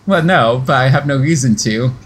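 A contestant on a comedy game show, making wry jokes during banter. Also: male voice, medium pitch, moderate pace, a little hiss or hum. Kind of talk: casual banter.

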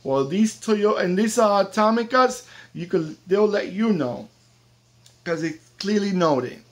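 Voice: mid-range voice, lively intonation, slow. An American toy collector reviewing a diecast model car in a casual vlog, chatty and enthusiastic, with the odd joke. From United States.

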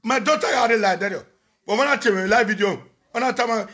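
A Nigerian man on a phone live video, ranting and chanting loudly, often shouting and switching between Pidgin and local languages. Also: sits high, fast. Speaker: social media personality on a live video. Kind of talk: animated live-stream rant and chanting.

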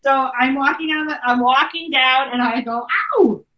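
A woman's voice: sits high, steady tone, moderate pace, muffled recording. A woman teacher giving a chatty grammar lesson to her class over a video call, saying okay a lot. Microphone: computer mic on a video call.

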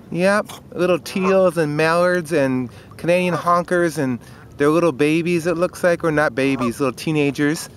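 A man's voice: steady tone, normal speed. Chatty man filming a riverside walk. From Minnesota. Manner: chatty, rambling, voice jumps high when calling the dog. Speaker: dog owner filming outdoors. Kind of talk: casual home video narration. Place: riverside park outdoors. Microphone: handheld camcorder. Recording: faint outdoor noise.

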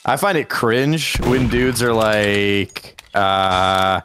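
A man's voice: fairly low pitch, very slow, noisy background. A young man chatting casually while gaming on a stream, laid-back and joking, rambling with lots of "like".

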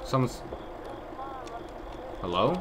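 A man's voice: very slow, noisy background. A young man giving jokey commentary on a horror game, talking straight to his viewers. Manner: chatty, jokey, talks to viewers. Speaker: gaming YouTuber. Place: dark room at home. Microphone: desk mic, face cam.

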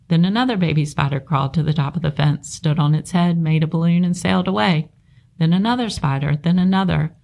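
A woman on library staff reading a children's novel aloud in a steady, measured narration. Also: on the low side, gravelly.

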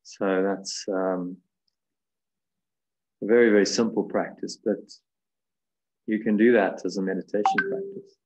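A man with a lowish voice guides a meditation class over a video call. He speaks gently and without hurry, pausing on fillers as he thinks aloud. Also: fairly even intonation, poor audio. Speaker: meditation course leader.

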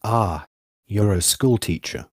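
A man's voice: fairly low pitch, expressive, slow, darkish tone, no room sound, clean studio sound. A man reading the part of an old village fisherman with a thin voice, asking suspicious questions. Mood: wary. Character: old male village fisherman, wrinkled, wary.

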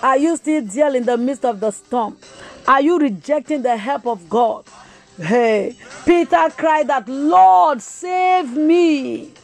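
A woman evangelist delivers a sermon to an online congregation in a high voice. She preaches slowly, stretching out and repeating each phrase for emphasis and breaking into tongues. Faint music plays underneath. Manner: slow, drawn-out emphatic preaching with repetition and bursts of tongues; punctuates phrases with "eh". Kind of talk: livestreamed sermon.

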